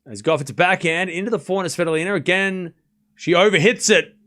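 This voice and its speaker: A man streaming a live tennis watchalong, calling each rally in quick play-by-play and chatting with viewers between points. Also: high voice, sharp tone. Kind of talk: live watchalong commentary and chat reading.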